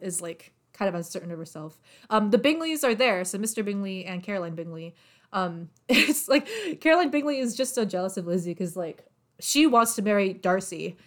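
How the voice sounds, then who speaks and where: A woman's voice: medium pitch, lively intonation, fairly quick, a bit bright. A young woman chatting casually as she retells a story. She fills her talk with "like" and "um" and slips into little voiced quotes for the characters. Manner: chatty, filler-heavy, acts out characters' lines. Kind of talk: casual chat, retelling a novel's plot.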